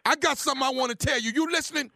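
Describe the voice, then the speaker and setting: A man's voice: very high voice, racing, pushed and bright. A man on a radio show making a confrontational prank phone call. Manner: confrontational, then laughing and playful. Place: radio studio.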